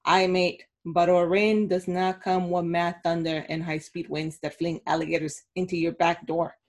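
A woman's voice: on the low side, little pitch movement, moderate pace, natural voice. A woman putting on a Scottish accent, playing a Scot grumbling about the storms in Florida. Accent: Scottish (attempted). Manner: self-described amateur accent attempt.

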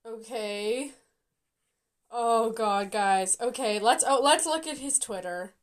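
A young woman vlogger reacting live and excitably, with loud bursts and quiet mumbling. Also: a little high, slow pace. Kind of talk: live casting reaction vlog.

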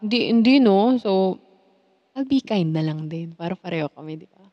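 A woman's voice: fairly low pitch, expressive, fairly quick, big-room sound, highs cut off. A young Filipino woman with a Filipino accent, hosting her own podcast in a heartfelt, rambling way with lots of fillers. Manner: heartfelt, code-switching, many fillers like "you know". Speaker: podcast host. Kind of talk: personal podcast monologue.

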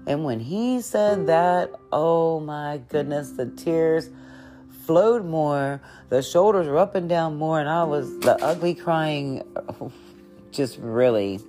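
A woman's voice: low-pitched, slow pace, over music. A middle-aged woman telling a personal spiritual story in a candid, conversational way, with fillers and self-corrections. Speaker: podcast host.

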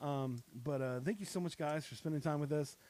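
A man's voice: fairly high pitch, a little fast, a little mellow. A man hosting a podcast, freestyle rapping in a loose, rambling way and joking around with his guests. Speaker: podcast host. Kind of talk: freestyle rap then casual chat.

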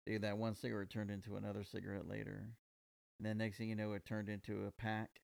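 Low gravelly guy, dry close sound, just chatting and agreeing. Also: monotone, quick pace, a little mellow, no room sound. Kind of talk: casual chat.

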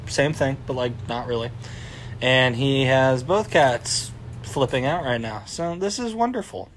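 A man's voice: mid-range voice, expressive, measured pace, a little hiss or hum. A young man hosting a casual podcast chat, talking loosely with lots of "like" and frequent laughs. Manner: laughs often, uses "like" a lot. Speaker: podcast host.

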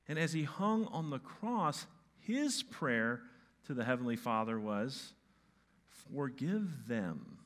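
A male pastor giving a sermon, moving from hushed, soft lines to loud, emphatic ones. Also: medium pitch, measured pace.

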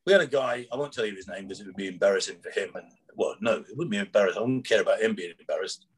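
Husky man telling rambling stories. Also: on the low side, racing. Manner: rambling anecdotes with quoted dialogue and chuckles. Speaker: former prison officer telling stories. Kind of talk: casual storytelling chat.

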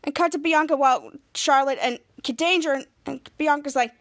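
A woman's voice: sits high, brisk, hardly any pauses, a bit bright. A woman hosting a podcast, casually recapping a TV episode in a rambling way with frequent restarts. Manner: rambling retelling with restarts, voices quotes. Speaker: podcast host.

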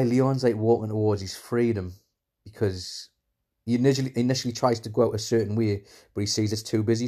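In a fairly low, darkish voice, a man recounts a film's plot in sequence, chatty and rambling with lots of fillers. His enthusiasm shows in frequent asides and in describing scenes as "class."

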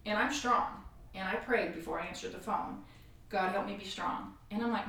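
A woman guest on a podcast, telling a painful personal story in an animated way and acting out the voices of other people. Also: mid-range voice, moderate pace. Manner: animated, acts out quoted voices, frequent laughs. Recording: far-off echoey room mic.

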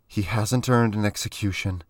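A man's voice: on the low side, fairly even intonation, moderate pace, no echo, clean studio sound, voice pushed up, natural voice. A man voicing a guarded young woman who speaks in curt, wary phrases.

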